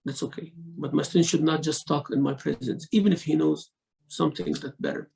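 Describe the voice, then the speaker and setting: A man giving a religious lesson, mixing quick recitation into his English explanations and acting out examples of speech. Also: a little high, steady tone, creaky, darkish tone, low-quality recording. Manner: mixes Arabic recitation into English teaching, acts out rude and polite speech. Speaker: sheikh teaching Quran commentary.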